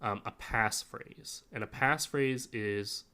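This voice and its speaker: A man's voice: medium pitch, slow, bright, forceful tone, smooth. A man co-hosting a podcast in casual chat, explaining game-master advice at length.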